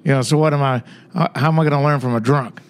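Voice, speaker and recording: A man's voice: mid-range voice, fairly even intonation, fast, smooth. An older man, a guest author, telling stories in a rambling, conversational way with many fillers. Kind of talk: casual storytelling interview.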